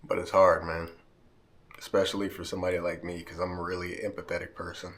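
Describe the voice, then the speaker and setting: A man's voice: low voice, little pitch movement, quick pace, a bit bright. A man vlogging straight to camera, talking heartfelt and emotional to his friends, near tears and often tagging lines with "man". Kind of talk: emotional direct-to-camera vlog.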